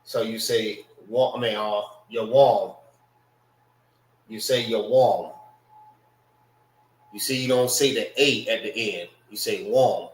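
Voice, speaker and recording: A man teaching a language class, slowly spelling out and repeating words for his students. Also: lowish voice, fairly even intonation. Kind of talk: classroom lesson on pronunciation. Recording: echoey room, mic far off.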